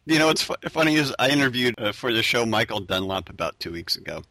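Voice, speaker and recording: A man's voice: medium pitch, sing-song, fast talker, bright, forceful tone, no room sound. A man hosting a racing podcast, talking casually and rambling with many fillers. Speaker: podcast host. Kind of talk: casual chat.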